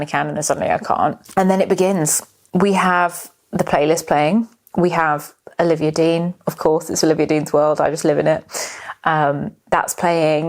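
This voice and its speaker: A woman's voice: deep voice, darkish tone. A young woman from the United Kingdom hosting a podcast, telling a personal story in a candid, chatty way, swearing freely and filling with "like". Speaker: podcast host. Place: indoors, filming herself.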